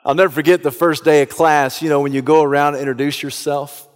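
A man with a Southern American accent from the Southeastern United States, preaching a sermon as an animated storyteller who bursts into loud, dramatic passages. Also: on the high side, fast, clean tone, long reverb tail. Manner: animated, dramatic retelling with sudden loud outbursts. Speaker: pastor.

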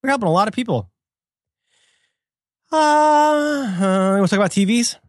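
A man's voice: very high voice, expressive, normal speed, no echo, clean studio sound. A man co-hosting a podcast in casual chat, playful and joking, often drifting into silly sung bits. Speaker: podcast co-host.

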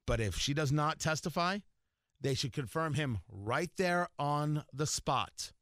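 A man's voice: a little high, lively intonation, unhurried, fairly bright tone, no room sound, clean studio sound. A man hosting a talk radio show, delivering sarcastic, mocking political commentary.

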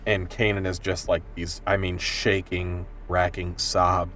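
Brief: player in a tabletop game, very low voice, loose filler-heavy describing, a bit far off mic with music. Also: male voice, little pitch movement, unhurried, fairly bright tone. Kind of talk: tabletop role-play narration.

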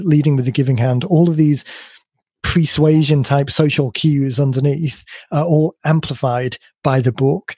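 A man hosting a podcast, explaining his points at length in an emphatic conversational way, his voice a little croaky. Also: medium pitch, warm tone, no echo, studio quality. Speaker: podcast host.

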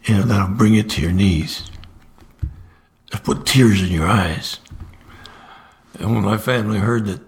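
An older man, an evangelist guest, telling stories in a podcast interview, often repeating the first word of a sentence and jumping up in pitch when he acts out what others said. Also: measured pace, long pauses. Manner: lively storyteller, swings into high voices for quotes.

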